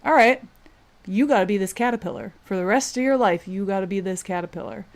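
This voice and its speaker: A woman voicing a blunt alien slug creature that bargains briskly. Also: mid-range voice, natural voice. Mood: bargaining.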